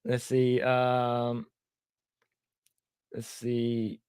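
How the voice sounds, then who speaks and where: A man's voice: mid-range voice, completely flat delivery, very slow, a little mellow, clean tone, no room sound, clean studio sound. A man in his thirties co-hosting a podcast, telling rambling stories, swearing and reading viewer comments aloud. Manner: rambling storyteller, swears, mimics voices in quotes. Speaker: podcast co-host. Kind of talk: casual chat, reading comments.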